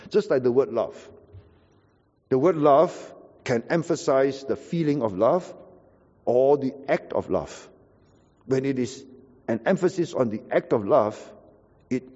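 Man, pastor, sermon, mellow voice, repeats words for emphasis, dull recording with long hall reverb. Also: medium pitch, breathy edge.

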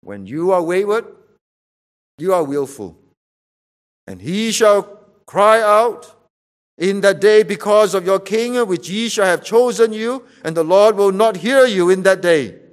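Guy with a high voice preaching, pushy repeated questions, sermon style. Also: animated, a little slow. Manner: emphatic, repeats rhetorical questions.

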